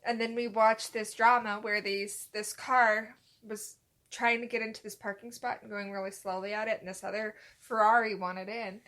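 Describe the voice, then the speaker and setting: A young woman co-hosting a casual podcast, telling a rambling story and acting out quotes in a relaxed chat with her partner. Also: mid-range voice, normal speed. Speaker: podcast co-host.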